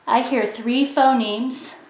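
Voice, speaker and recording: A woman teaching a phonics lesson to children, explaining slowly and clearly with encouraging prompts. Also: a little high, fairly even intonation, darkish tone, a little hiss or hum. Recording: echoey room.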